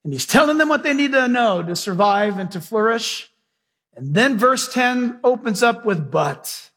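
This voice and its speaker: A man preaching a sermon as pastor, animated and folksy, acting out scenes for the congregation. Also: very high voice, normal speed. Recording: hall reverb.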